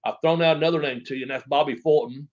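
A man's voice: fairly high pitch, quick pace, a little mellow. Rambling, swearing man telling wrestling stories. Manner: rambling anecdotes, acts out quoted voices, swears freely. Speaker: interview guest, former wrestler. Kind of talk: casual storytelling interview. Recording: dull lo-fi podcast audio.

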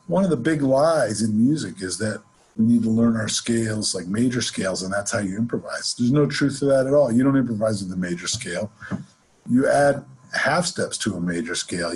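A man teaching jazz improvisation in a relaxed, conversational way, counting off beats between demonstrations. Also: lowish voice, breathy edge, low-quality recording. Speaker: jazz music instructor. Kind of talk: explaining and demonstrating on instrument. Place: home studio, online session.

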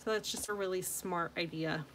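A woman hosting a scrapbooking channel, chatting casually and gushing over viewers' layouts, with frequent soft asides. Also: fairly low pitch, fairly even intonation, normal speed, noisy background.

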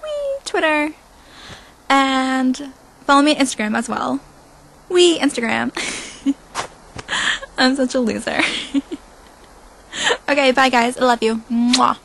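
A woman's voice: high voice, steady tone, slow pace, vocal fry, long pauses, fairly bright tone, a little hiss or hum, poor audio. Playful young woman vlogging outdoors. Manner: playful, self-mocking. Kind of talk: casual vlog. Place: outdoors in a snowy backyard.

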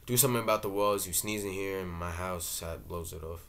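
A man voicing a large, laconic neighbor, talking in a slow, flat, understated way. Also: sits low.

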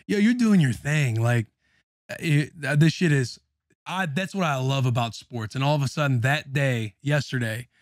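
Ranting podcast host, dry close sound. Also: male voice, mid-range voice, normal speed, no echo. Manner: profane, animated ranting. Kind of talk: casual chat.

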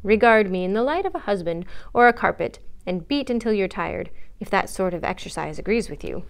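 A woman's voice: medium pitch, expressive, a little fast, gravelly, clear, resonant tone. Woman reading a lazy teasing young man. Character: idle charming young man teasing lazily. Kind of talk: storybook reading aloud.

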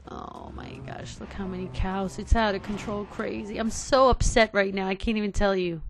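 A woman's voice: mid-range voice, steady tone, moderate pace, a little hiss or hum. Exasperated woman narrating gameplay. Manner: exasperated, sighing, talking to viewers. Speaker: gaming channel host. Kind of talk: casual let's play commentary.

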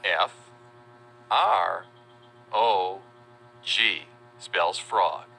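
Very slow, bright-voiced man teaching kids. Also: low-pitched, creaky, slight background noise. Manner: spells words out letter by letter, friendly and deliberate. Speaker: children's teacher narrator. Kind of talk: children's educational narration. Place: voice-over.

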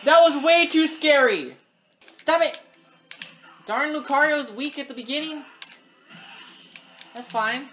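A woman giving live gameplay commentary, excitable, talking to the game and yelling at opponents. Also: high voice, takes it slowly, pauses often, background noise. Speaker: gaming channel host.

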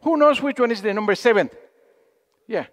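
A man's voice: high-pitched, lively intonation, normal speed, fairly bright tone. A man giving a spiritual talk to an audience in a hall, telling stories, acting out quotes and putting questions to the listeners. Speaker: speaker at a spiritual gathering.

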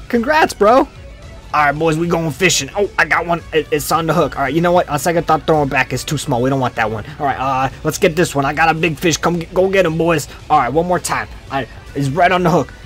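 A young man jokes his way through a match with a slangy, playful delivery. His voice sits a little high. Faint music plays underneath. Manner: joking, goofy, slangy trash talk. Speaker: gaming video creator. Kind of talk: comedic gameplay commentary.

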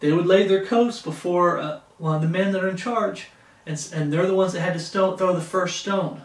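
A man's voice: sits high, fairly even intonation, moderate pace, reverberant, distant mic, poor audio. A man preaching a sermon, reading Bible passages aloud and breaking off into impassioned plain-spoken asides. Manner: reads scripture in King James wording, breaks off into impassioned asides.

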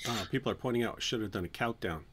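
A man's voice: lowish voice, fast talker, fairly bright tone. A man hosting a casual livestream, joking around and now and then breaking into a crooning bit of song. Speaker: channel host.

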